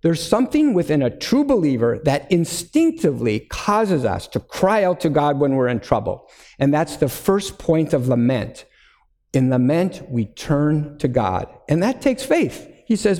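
A middle-aged man preaching a sermon, earnest and deliberate, slowing down to stress key words. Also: on the high side, very animated, a little mellow, big-room sound. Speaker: pastor.

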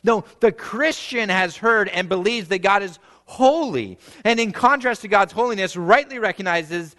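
High-voiced earnest male preacher. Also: lively intonation, normal speed, big-room sound. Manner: earnest preaching that swells to emphatic peaks and drops to quiet, hushed endings. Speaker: pastor. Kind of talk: sermon.

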